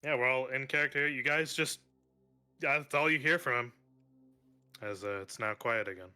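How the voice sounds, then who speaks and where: A man's voice: medium pitch, pushed and bright, clear, resonant tone, soft background music. A man narrating as game master of a tabletop role-playing game, speaking hesitantly with many fillers and laughs. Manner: slow, hesitant, laughs often.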